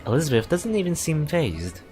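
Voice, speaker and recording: A man's voice: a little high, big pitch swings, brisk, a little mellow, soft background music. Man casually reading a visual novel aloud. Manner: casual, self-correcting, wry asides. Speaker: let's play narrator.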